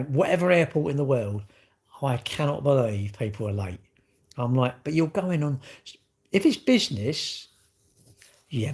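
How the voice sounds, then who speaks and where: A man's voice: mid-range voice, husky. A middle-aged man, rambling through casual live-stream chat and answering viewers' comments with strong opinions. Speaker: livestream host.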